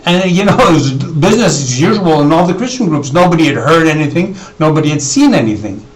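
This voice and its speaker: A man's voice: a little high, very animated, quick pace, low-quality recording. A man talking in a rambling video monologue, with many restarts and repetitions. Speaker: video blogger. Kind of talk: unscripted monologue to camera.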